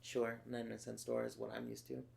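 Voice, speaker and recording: Gravelly, profane podcast storyteller man. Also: medium pitch, completely flat delivery, fast, darkish tone. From Los Angeles. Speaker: podcast co-host. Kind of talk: casual chat.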